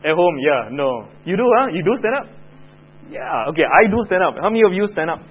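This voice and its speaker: A man's voice: a little high, big pitch swings, a little fast, husky, narrow, tinny audio. A man with a Singaporean English accent teaching a Bible lesson to children, chatting and asking the class questions.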